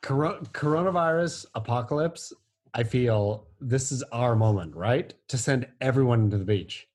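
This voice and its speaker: Co-host, man, husky voice, pitch swings widely, emphatic and joking. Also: lively intonation, moderate pace, darkish tone. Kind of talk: casual chat.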